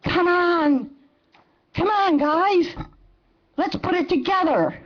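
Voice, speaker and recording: Speaking slowly in a very high-pitched voice, a woman in her seventies gives an angry, impassioned public comment at a council meeting in the council chamber. The audio is a dull, lo-fi meeting recording.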